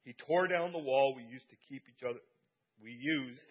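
A man's voice: mid-range voice, moderate pace, breathy edge, phone-quality sound. A man preaching a Sunday sermon as pastor, speaking earnestly and repeating key phrases for emphasis. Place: church service.

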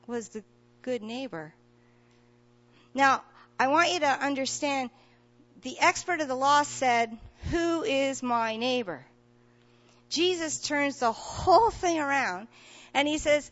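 A woman preacher with a high voice delivers a dramatic sermon, acting out the story and building to fervent, tearful appeals. The recording is a little dull and muffled. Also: a bit bright. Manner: retells a scripture story dramatically, voicing the characters; builds to impassioned, near-tearful pleading.

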